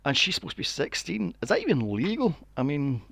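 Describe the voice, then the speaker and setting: A man co-hosting a podcast, recapping a film in casual chat, animated and swearing freely. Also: on the high side, brisk, vocal fry, no echo. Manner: animated, swears freely, acts out quotes in a mocking voice. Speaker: podcast co-host.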